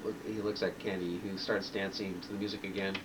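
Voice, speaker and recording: A man reading his own novel aloud, narrating in a low, quiet way with halting restarts. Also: level tone, distant mic, slight background noise, low-quality recording.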